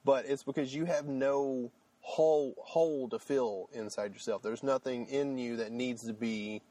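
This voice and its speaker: A man co-hosting a casual podcast, thinking aloud in loose, rambling sentences full of fillers and restarts. His mid-pitched voice sounds dry and close, with little room echo. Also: fairly even intonation, unhurried, warm tone. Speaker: podcast co-host. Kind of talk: casual chat.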